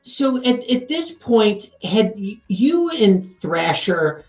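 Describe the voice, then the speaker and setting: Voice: medium pitch, very animated, slow pace. Podcast host asking questions in a roomy space. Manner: short encouraging replies and follow-up questions. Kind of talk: casual interview. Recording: roomy with faint music behind.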